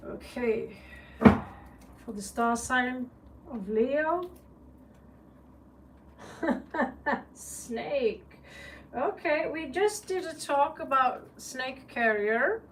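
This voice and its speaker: A woman's voice: on the high side, expressive, drawn-out words. A woman with a Norwegian accent giving a casual live tarot reading, chatty and joking, with blunt swearing. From Norway. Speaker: tarot reader. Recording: distant mic with faint background noise.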